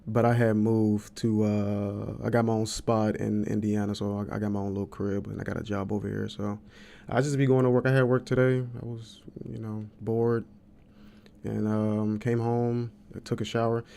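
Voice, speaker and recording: A man's voice: on the low side, level tone, moderate pace, vocal fry, mellow. A young man from the American Midwest hosting a podcast, telling a story in casual chat and acting out quotes with big jumps in his voice. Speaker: podcast host.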